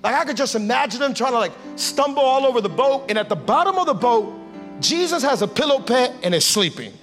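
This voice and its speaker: A male pastor preaching a lively sermon, acting out everyday scenes and calling on the congregation to respond. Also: very high voice, a little fast, soft background music. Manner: animated, acts out everyday scenes and voices; calls for audience response.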